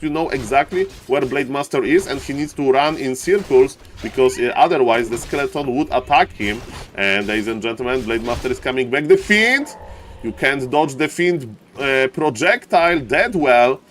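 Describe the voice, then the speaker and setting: A man who is not an English speaker, commentating a strategy game match live on stream, greeting viewers and getting loud at big plays. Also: mid-range voice, slight background noise. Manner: excitable, shouts at big plays, non-native English phrasing. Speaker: esports caster and streamer.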